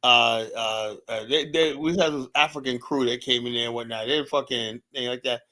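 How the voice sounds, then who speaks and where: Fast-talking man telling club stories. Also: medium pitch. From Virginia. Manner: fast, animated storytelling with heavy profanity and "you know". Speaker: podcast guest, former club security. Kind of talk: casual storytelling chat.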